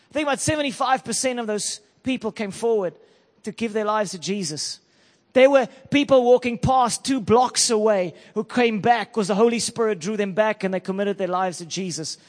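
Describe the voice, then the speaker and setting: High-voiced preacher in an echoey hall. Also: male voice. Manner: emotional storytelling, building to loud declarations. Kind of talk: sermon.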